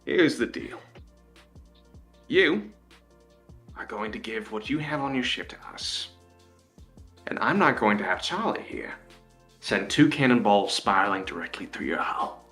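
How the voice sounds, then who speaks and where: A male game master narrating a tabletop pirate game with a bright, crisp voice. He draws out his descriptions. There is a roomy echo and soft music behind him. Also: fairly low pitch, lively intonation, a little slow, long pauses.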